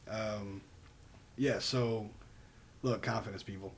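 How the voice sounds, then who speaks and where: A man's voice: lowish voice, steady tone, slow, a little hiss or hum. Laid-back joking man on a podcast. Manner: laid-back, jokey, says "man" a lot, laughs often. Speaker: podcast co-host. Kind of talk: casual chat.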